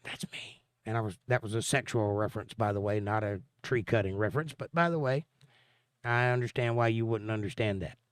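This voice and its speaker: A man's voice: on the low side, a little fast, clean tone, dry recording. A man hosting a livestream, reading viewer comments aloud and answering them with dry, sarcastic jokes. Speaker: livestream host.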